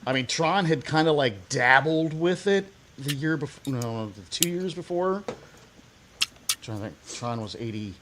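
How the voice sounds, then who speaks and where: A man's voice: medium pitch, expressive, measured pace, noisy background. A man co-hosting a casual podcast chat, talking in loose, rambling sentences with frequent restarts. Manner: rambling, lots of restarts and fillers. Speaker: podcast co-host.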